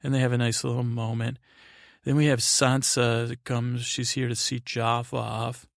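A male podcast host rambling through a bedtime recap, with lots of fillers and restarts. He paraphrases the characters in a low-key voice. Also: flat delivery, normal speed, vocal fry, dry recording, clean studio sound.

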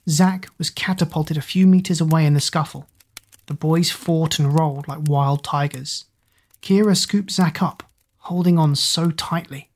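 A woman reading a children's adventure story aloud as narrator, steady and expressive. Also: low voice.

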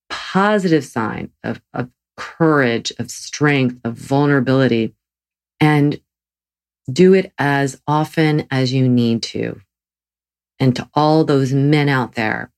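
Earnest woman giving a gentle motivational talk. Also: very deep voice. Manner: earnest, gently urging, slows down for emphasis. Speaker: yoga teacher.

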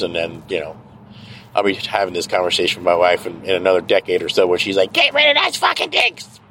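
A man's voice: low-pitched, a bit bright, slight background noise, low-quality recording. Profane ranting man. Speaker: podcast host. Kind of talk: casual rambling monologue. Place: car, driving.

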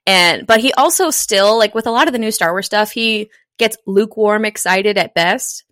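Bubbly excitable woman. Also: medium pitch, moderate pace, no room sound, clean studio sound. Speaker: podcast co-host. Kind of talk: casual chat.

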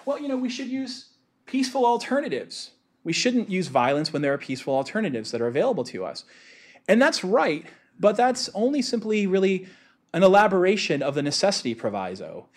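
A man giving a lecture in a casual way, with many filler words. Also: medium pitch.

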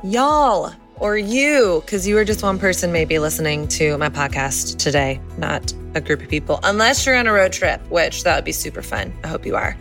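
A woman hosting a podcast, talking in a friendly, chatty way straight to the listener, her voice a little deeper and rougher than usual. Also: lively intonation, brisk, hardly any pauses, over music. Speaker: podcast host.

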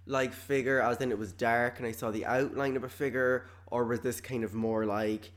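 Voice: medium pitch, moderate pace. A podcast co-host chatting casually and joking. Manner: jokey, animated. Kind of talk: casual chat.

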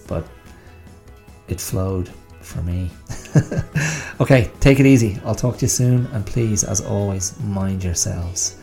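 A man's voice: sits low, creaky, dark tone. A man hosting his own solo podcast, talking in a wry, self-mocking, chatty way. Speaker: podcast host.

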